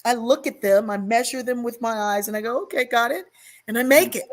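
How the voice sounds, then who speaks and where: With a voice on the high side and a slightly fast delivery, an older woman guest, a sociologist and author, recounts a personal story at length on an interview show. Along the way she performs the voices from her memory.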